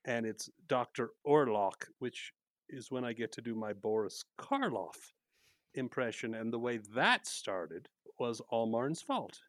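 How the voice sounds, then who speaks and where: A man's voice: mid-range voice, a little slow, no echo. A man co-hosting a casual podcast chat, telling theater stories with lots of laughter. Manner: lively storyteller, laughs often. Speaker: podcast co-host, mystery theater actor.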